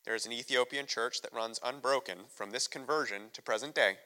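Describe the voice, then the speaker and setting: A guest missionary from the United States preaches briskly, sharing candid, emotional stories in his sermon. His medium-pitched voice is strikingly bright. It echoes with a long reverb through the church sanctuary.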